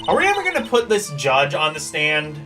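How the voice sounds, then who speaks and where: A woman's voice: low-pitched, wildly swooping pitch, a little fast, recorded from a distance, music in the background. Chatty woman playing a game. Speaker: let's play host. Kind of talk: casual game commentary.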